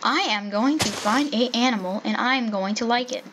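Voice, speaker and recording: A woman giving playful, excitable commentary while playing a survival game, calling out to animals in sing-song baby talk. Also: a little high, brisk, noisy background. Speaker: gaming channel host.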